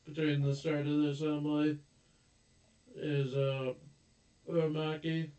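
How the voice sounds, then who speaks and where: A man co-hosting a casual review chat, adding details and corrections. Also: on the high side. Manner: unhurried, flat, adds details and corrections. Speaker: podcast co-host. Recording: echoey room, distant mic.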